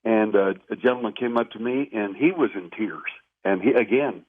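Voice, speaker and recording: This interview guest calls in by phone, his fairly low, husky voice moving at a normal speed on a tinny, dry line. He recounts his stories with earnest emphasis.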